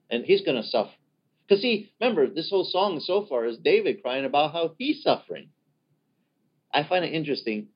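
Male pastor delivering a sermon with an animated, swooping delivery and acted-out quotes; dull, lo-fi recording. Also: medium pitch, husky. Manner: animated, acts out quoted voices.

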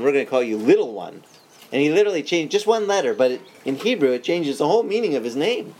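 A man preaching with a slightly raised voice, telling his story in a lively, joking manner and often tripping over and restarting his words. Faint birdsong drifts in behind him. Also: fairly high pitch, a little hiss or hum, low-quality recording. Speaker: pastor. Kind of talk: sermon.

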